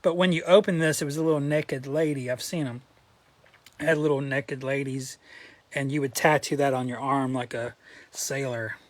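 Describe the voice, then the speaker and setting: A man's voice: medium pitch, steady tone, normal speed, no room sound. A man in a casual show-and-tell vlog, rambling through his collection with crude jokes and asides, his throat a little dry. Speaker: collector vlogger.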